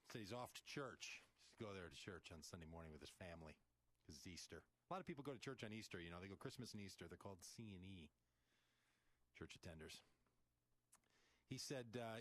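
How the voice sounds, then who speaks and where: A man hosting a call-in radio show, talking casually and reading scripture in a rambling, animated way. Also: deep voice.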